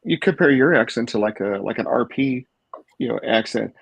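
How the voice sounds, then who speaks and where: A gravelly, husky man co-hosting a podcast in easy, filler-laden chat. The sound is close and dry, with no room echo. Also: mid-range voice, animated, normal speed. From St. Louis, Missouri. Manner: easygoing, filler-heavy. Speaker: podcast co-host.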